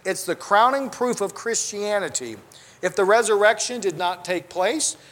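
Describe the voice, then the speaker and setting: A man preaching a sermon in a high, light voice. He talks earnestly and conversationally, breaking off into asides and restarts. He quotes scripture in old-style wording. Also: a bit bright.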